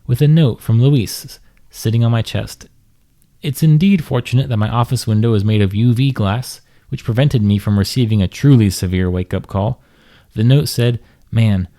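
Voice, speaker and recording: A man's voice: on the low side, creaky, warm tone. A man reading a first-person detective audiobook in a dry, matter-of-fact way. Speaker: audiobook reader.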